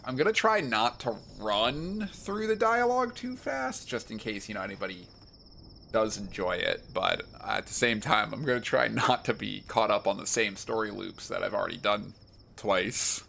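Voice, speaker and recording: Man, game streamer, playful jokey commentary, gravelly, bright tense voice. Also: fairly low pitch, animated, normal speed, a little hiss or hum. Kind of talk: let's play commentary.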